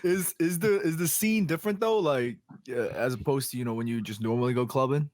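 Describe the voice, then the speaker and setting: A man's voice: medium pitch, a little fast, no echo. Dry-voiced New young man. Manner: animated storyteller, swears freely. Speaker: podcast co-host. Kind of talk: casual chat.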